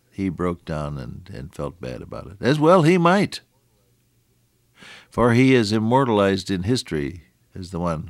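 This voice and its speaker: A man's voice: deep voice, dry recording, clean studio sound. An older man preaching a radio sermon in a folksy, earnest way, telling stories and asking listeners along.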